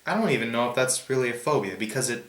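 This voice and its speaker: A man's voice: medium pitch, lively intonation, fast, fairly bright tone. A man hosting a casual comedic chat, joking and reading out a list in a mock-formal drawl. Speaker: host. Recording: echoey room.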